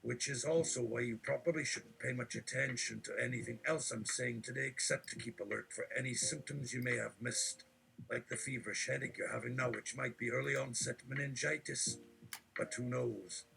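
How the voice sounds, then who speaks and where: A man reading absurd text aloud in a deadpan, mock-preachy delivery, with a gravelly voice. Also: medium pitch, a little fast, a little hiss or hum, rough recording.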